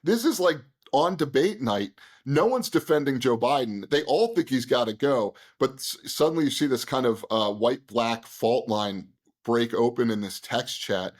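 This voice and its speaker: A man, a guest on an interview show, recounting events in a conversational, animated way, with frequent fillers and quick restarts. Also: mid-range voice. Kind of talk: conversational storytelling.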